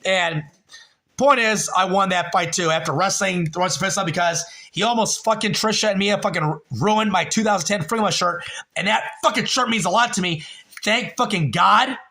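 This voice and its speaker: A man's voice: high-pitched, normal speed, bright, forceful tone. A young man hosting a livestream, telling a long story in a rambling, profane way with many fillers, and a little tipsy. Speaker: livestream host.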